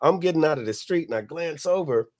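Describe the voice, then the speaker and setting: A middle-aged man, hosting a podcast and telling a long, profane story in a relaxed way, laughing as he goes. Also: a little high, brisk. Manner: laid-back, profane, laughs at his own story. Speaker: podcast host. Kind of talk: casual storytelling.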